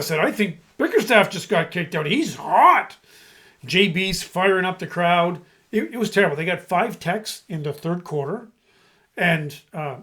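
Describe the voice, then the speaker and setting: A man's voice: sits high, fairly bright tone, slightly rough. A man co-hosting a podcast, talking in an emphatic, speechifying way. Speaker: podcast co-host. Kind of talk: casual chat.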